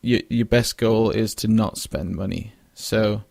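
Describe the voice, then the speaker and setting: A man's voice: lowish voice, fairly even intonation, unhurried, vocal fry, a little mellow, no room sound, studio quality. A young man hosting a casual solo podcast, rambling with lots of fillers and restarts and yawning now and then. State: yawning, drowsy. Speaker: podcast host.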